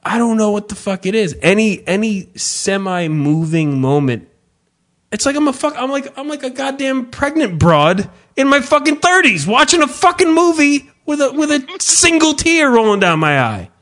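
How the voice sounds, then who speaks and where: A man's voice: very high-pitched, moderate pace. A man in his thirties, a podcast host in casual profane chat, mock-ranting. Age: 30s. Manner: animated, swearing, mock-ranting.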